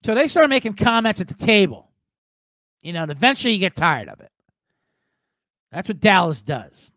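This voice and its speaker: On a sports betting show, a male host with a high voice rants comically at a normal speed, swearing heavily and imitating his relatives. It's an animated, profane live-stream rant. The recording is low quality, with no room sound.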